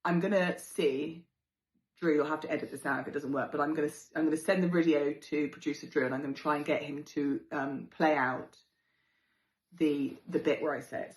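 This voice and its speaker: A British woman hosts a podcast and tells a story in a chatty, expressive way. She swears freely and jumps into exaggerated voices for the people she quotes. Her voice sits a little low, and there is a roomy echo around it. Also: a little fast. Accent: British English. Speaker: podcast host. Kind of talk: casual storytelling.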